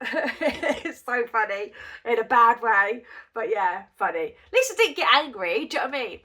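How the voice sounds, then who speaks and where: A woman with a bright, clear, slightly high voice tells a long story in a chatty, giggly, rambling way, vlog style. She has a cold and a cough that break into her talk now and then. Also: sing-song, normal speed. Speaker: crochet vlogger.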